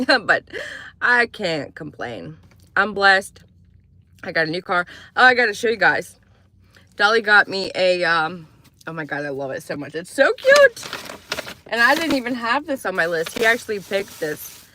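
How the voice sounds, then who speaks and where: A woman's voice: mid-range voice, lively intonation, normal speed, pushed and bright, slight background noise. A woman chatting casually on a livestream from inside her car, rambling through her thoughts and thanking viewers by name. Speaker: livestream host.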